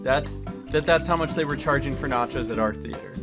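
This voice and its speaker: A man giving scripted video game retrospective commentary in a sarcastic, jokey way, breaking into loud exclamations. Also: medium pitch, fairly quick, loud music behind the voice. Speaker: gaming YouTuber.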